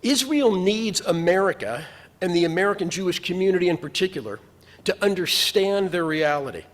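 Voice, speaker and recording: A rabbi delivers a sermon in a notably high-pitched male voice, earnest and measured, leaning on emphatic repetition. His words ring out with a long reverb, as in a large synagogue sanctuary. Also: animated.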